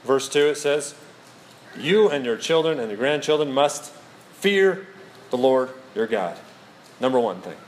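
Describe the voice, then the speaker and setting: A man's voice: medium pitch, animated, a little slow, long pauses. A middle-aged male pastor giving a sermon, telling stories with self-mocking humor and quoting scripture.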